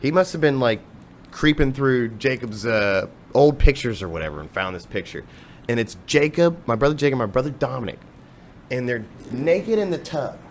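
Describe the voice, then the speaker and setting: A man telling stories as a guest on a casual podcast, animated and freely swearing. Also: mid-range voice, normal speed, a little hiss or hum. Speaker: podcast guest, musician and singer.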